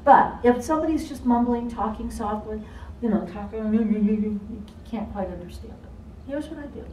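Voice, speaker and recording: A woman with a fairly high voice teaches a live seminar in a playful, animated way, slipping into voices for the people in her stories. She is heard from some distance in a roomy, echoing space. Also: moderate pace, slight background noise. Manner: lively, playful, acts out quoted people. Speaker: seminar presenter for court reporters. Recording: echoey room, voice from far off.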